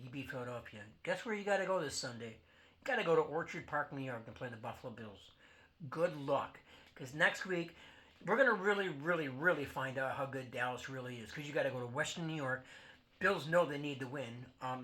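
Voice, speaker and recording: A man's voice: medium pitch, sharp tone. A man hosting a football talk show, ranting bluntly with lots of fillers and swearing. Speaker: sports podcast host. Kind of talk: casual sports rant.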